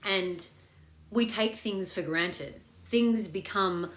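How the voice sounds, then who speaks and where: A woman's voice: mid-range voice, slow, a bit bright. Chatty upbeat woman in an echoey room. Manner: chatty and upbeat, swears freely. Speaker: meditation host. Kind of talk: casual live chat leading a meditation. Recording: echoey room with faint music.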